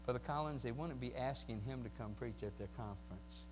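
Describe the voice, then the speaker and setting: A man preaching a sermon, moving from quiet talk to loud shouting peaks and acting out quoted voices. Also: mid-range voice, fairly quick, background noise. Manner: acts out quoted voices and asks the crowd for replies.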